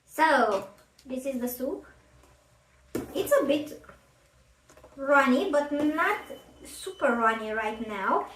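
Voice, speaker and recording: High-voiced woman chatting from across her kitchen. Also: lively intonation, slow pace, long pauses. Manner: chatty, self-deprecating, thinks aloud while cooking. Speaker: cooking vlogger. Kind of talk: casual cooking chat. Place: home kitchen. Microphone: camera at a distance, face out of frame. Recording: roomy kitchen, mic far off, faint noise.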